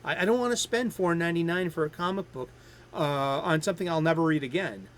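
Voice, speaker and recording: A man's voice: on the high side, fast. A man in his fifties hosting a casual comic book review stream, chatty and rambling, with frequent restarts. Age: 50s. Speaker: host.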